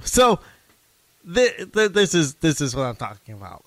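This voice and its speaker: A man's voice: on the high side, huge pitch swings, moderate pace, fairly bright tone, no room sound. A young man co-hosting a casual podcast, talking things through with hesitant restarts and fillers. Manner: hesitant, restarts and fillers while reasoning aloud. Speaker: podcast co-host.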